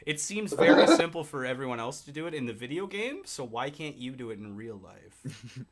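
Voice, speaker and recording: A man's voice: medium pitch, big pitch swings, moderate pace, a crowd in the background. A young adult man co-hosting a podcast, joking and swearing through mock rants in casual chat. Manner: joking, profane, mock-ranting. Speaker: podcast co-host.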